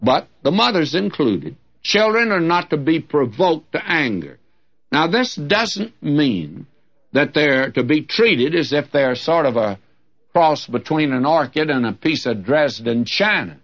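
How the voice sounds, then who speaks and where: A man's voice: a little high, very animated, unhurried, fairly bright tone. An older man preaching a sermon as a pastor, folksy and humorous, quoting scripture. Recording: dull lo-fi old recording.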